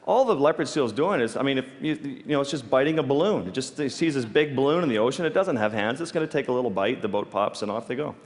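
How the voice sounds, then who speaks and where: A man telling stories on stage in an animated way, with halting restarts and quick laughs. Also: mid-range voice. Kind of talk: storytelling talk on stage. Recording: long reverb of a large hall.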